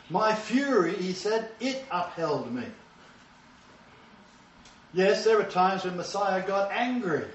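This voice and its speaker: An older male preacher delivering a sermon with a slightly high voice. He lurches from emphatic, raised outbursts to soft, low murmurs. The sound is roomy and distant, picked up from across a reverberant space. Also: lively intonation, slow pace, long pauses, slight background noise. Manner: dramatic swings between loud emphatic bursts and hushed low asides. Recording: roomy, distant, dull-sounding hall recording.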